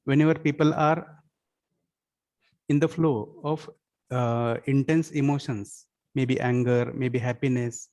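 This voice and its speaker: A man's voice: on the high side, a little mellow. A man, lecturing a class of students and often asking them whether they follow. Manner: keeps checking understanding with "yes or no?" questions; switches into Marathi and Hindi to explain. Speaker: college lecturer.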